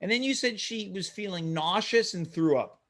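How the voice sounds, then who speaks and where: A male host with a notably high voice runs a comedic interview. He keeps a dry, mock-serious tone as he presses his guest for details. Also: animated, moderate pace, a bit bright.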